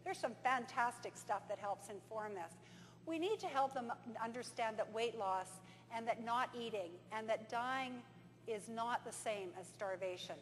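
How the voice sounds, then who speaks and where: A woman giving a conference talk, telling stories and acting out dialogue in an animated way. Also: a little high, unhurried. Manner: animated storyteller, acts out dialogue. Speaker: conference presenter. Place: conference hall. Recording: reverberant hall with faint hum.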